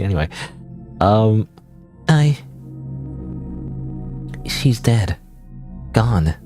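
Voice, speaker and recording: A male streamer thinking out loud as he plays, his low voice bouncing around in pitch. He rambles, doubling back and correcting himself, with soft music faint in the background. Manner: rambling, with many fillers and self-corrections. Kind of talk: casual let's-play commentary.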